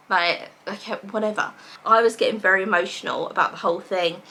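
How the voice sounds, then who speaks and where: A young woman from England with a British accent, telling a personal story to camera in a lively way and acting out what others said. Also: medium pitch, brisk. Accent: British English. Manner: animated, quotes others in dialogue. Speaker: vlogger.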